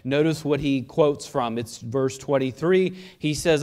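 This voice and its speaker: A man's voice: on the high side, a little slow, darkish tone. Man teaching scripture, self-questioning. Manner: explanatory, asks and answers his own questions. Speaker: pastor. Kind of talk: expository Bible teaching.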